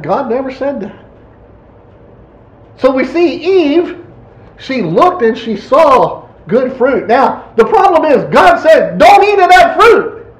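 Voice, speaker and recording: A man preaching a sermon in a folksy, animated way, acting out quotes. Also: extremely high pitch. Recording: echoey room.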